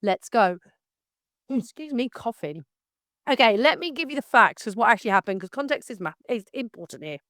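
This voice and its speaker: A woman's voice: on the high side, lively intonation, fairly quick, a bit bright, no room sound, studio quality. A woman hosting her own podcast, giving outspoken and emphatic commentary in a direct manner. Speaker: podcast host. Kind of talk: opinionated commentary.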